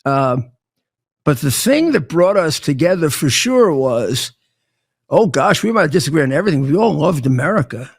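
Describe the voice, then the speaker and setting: An older man with a gravelly, slightly high voice talks in an unscripted monologue. He stops and restarts often, stumbling over words as he goes. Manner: halting, with many restarts and stammered words. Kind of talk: casual spoken monologue.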